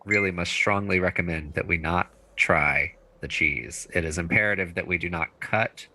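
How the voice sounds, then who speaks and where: A man's voice: low-pitched, normal speed, sharp tone, rough recording. A man playing a tabletop game, speaking formally and emphatically in character. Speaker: player. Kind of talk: tabletop role-play.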